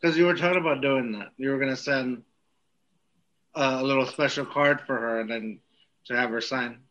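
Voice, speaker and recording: A man's voice: medium pitch, normal speed, a bit bright. A man hosting a podcast, joking and cutting in to steer the conversation. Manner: jokey, interrupts to steer the talk. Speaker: podcast host. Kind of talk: casual chat. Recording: dull lo-fi sound.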